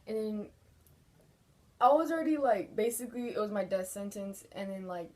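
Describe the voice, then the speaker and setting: A woman's voice: medium pitch, animated, normal speed, darkish tone. A young woman vlogger telling a personal story in a frank, casual way, swearing often and filling her talk with "like". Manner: frank, swears a lot, fillers like 'like'.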